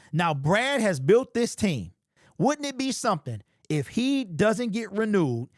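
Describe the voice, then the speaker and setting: A man from hosting a casual sports talk stream, answering chat in an animated, conversational way. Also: sits high, no room sound, clean studio sound. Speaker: podcast host.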